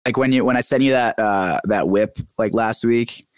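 A man's voice: fairly low pitch, moderate pace, no echo, studio quality. A young man, a podcast guest, chatting casually and animatedly, full of "like" and "dude". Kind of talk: casual chat.

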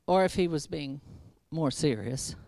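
A woman's voice: sits low, expressive, unhurried, gravelly, mellow, no room sound. A woman preacher giving a conversational sermon, chatty and humorous, with wry asides to the congregation.

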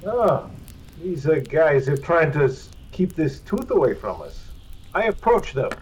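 A man playing a tabletop game, brisk and direct. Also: fairly high pitch, very animated, darkish tone, slight background noise. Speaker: player. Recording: dull lo-fi mic.

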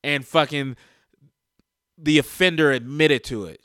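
A man's voice: fairly high pitch, moderate pace, a bit bright, clean tone, no echo. Man ranting as a sports fan, exasperated and profane, dry sound. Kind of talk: heated casual rant.

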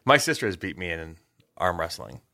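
A man with a Canadian accent, an excitable podcast co-host who answers questions about game development. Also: low voice, gravelly, no echo, studio quality. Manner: excitable, quick quips. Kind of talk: casual podcast chat.

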